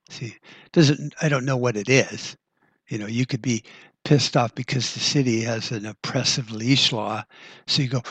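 A man's voice: mid-range voice, normal speed, slightly rough, dry recording. A middle-aged man hosting a podcast, talking in a blunt, profane, rambling way full of fillers. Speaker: podcast host. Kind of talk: casual political monologue.

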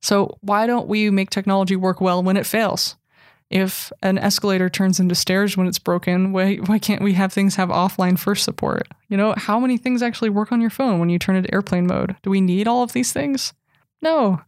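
A woman guest talks in a casual, animated way, spinning stories with wry asides. Her pitch sits in an ordinary middle range. The recording is dry and close. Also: normal speed, dry recording. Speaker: guest, cyborg anthropologist. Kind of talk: casual interview talk.

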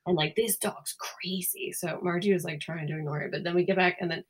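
In a casual podcast chat, a young female co-host tells an animated story and performs the quoted lines. Her husky voice is fairly low in pitch and fairly quick.

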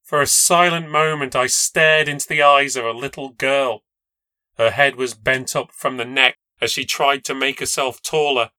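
A man's voice: mid-range voice, steady tone, normal speed, pushed and bright, no room sound. A man narrating a first-person ghost story with a tense, dramatic delivery. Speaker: podcast narrator.

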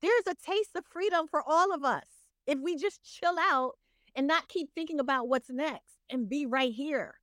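A woman's voice: high voice, normal speed, fairly bright tone, no room sound, clean studio sound. A woman speaking as a podcast guest in casual conversation, earnest and motivational in how she encourages.

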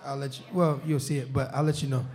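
A man's voice: mid-range voice, flat delivery, quick pace, darkish tone. A man chatting casually on a live podcast taped in a restaurant, laughing often and filling with "you know what I'm saying". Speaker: pro football player, show guest host. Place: restaurant during a live show.

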